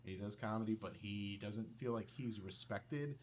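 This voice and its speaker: A man's voice: lowish voice, moderate pace, a little hiss or hum. A man hosting a casual comedy podcast, rambling with lots of fillers and laughs. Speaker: podcast host. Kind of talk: casual chat.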